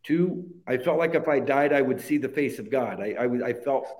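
A man's voice: medium pitch, normal speed, darkish tone. A man speaking as a guest in a podcast interview, telling a personal faith story in an earnest, heartfelt way that stacks phrases one onto the next.

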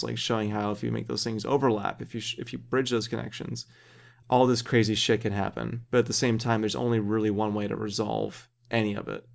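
Gravelly low-voiced man hosting a podcast. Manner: thoughtful, rambling, laughs easily. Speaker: podcast host. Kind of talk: casual podcast discussion.

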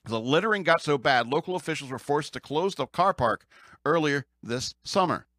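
A man's voice: a little high, animated, moderate pace, fairly bright tone, dry recording, studio quality. A man with an American accent, chatting casually about the news as a podcast host, rambling and joking, often laughing and restarting his sentences.

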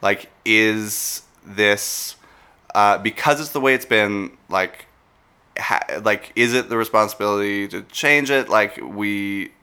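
Man, podcast co-host; heavy vocal fry, hesitant and trailing; crisp, bright voice. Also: fairly low pitch, takes it slowly. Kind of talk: casual podcast chat.

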